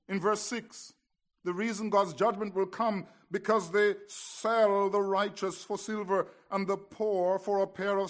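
A man preaching an expository sermon, telling the story with drama and swinging between hushed lines and emphatic ones. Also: high voice.

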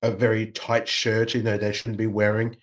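A man's voice: fairly low pitch, monotone, normal speed. A man co-hosting a casual wrestling chat, playful and swearing freely, slipping into mocking voices. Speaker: podcast co-host.

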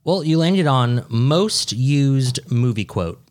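A man co-hosting a casual podcast chat, with a voice of middling pitch. He talks in a dry, joking way and tends to draw out his phrasing. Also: expressive, slow, very noisy. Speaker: podcast co-host.

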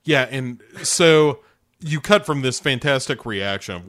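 A man's voice: medium pitch, measured pace, fairly bright tone, dry recording, studio quality. A man casually recapping a TV episode with a co-host, animatedly acting out lines, swearing and laughing. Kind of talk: casual chat.

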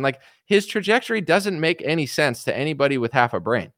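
A man giving casual political commentary on a stream, animated and mocking, acting out the people he quotes. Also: fairly high pitch, fairly quick, hardly any pauses, dry recording, clean studio sound.

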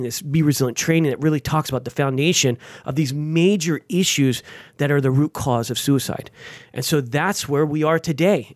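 A man, a veteran guest on an interview show, telling his story with energy and sudden jumps in pitch. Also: no echo. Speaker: guest, veteran and nonprofit founder.

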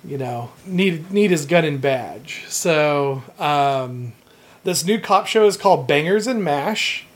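A co-host pitching a comedy idea in casual chat, halting and laughing as they go. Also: animated.

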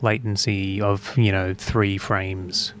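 A man's voice: sits low, flat delivery, takes it slowly, slight background noise. A man in a casual podcast chat, matter-of-fact and short with his interjections.

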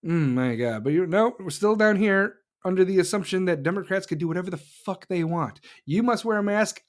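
A man in a heated, profane political rant. His voice sits a little high, and he swears freely and mocks others with shrill impressions.

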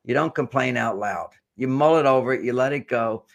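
A man's voice: medium pitch, moderate pace, gravelly. An older man, a guest author, explaining relationship ideas with generalizations and stories in a talk show interview.

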